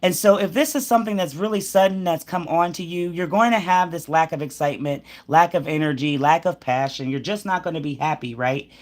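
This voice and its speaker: A woman's voice: deep voice, a little fast, hardly any pauses, a little mellow. A woman giving a live tarot reading, talking straight at the viewer in an emphatic, preachy way, rambling with sighs and restarts. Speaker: tarot reader. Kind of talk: live tarot reading, spiritual pep talk.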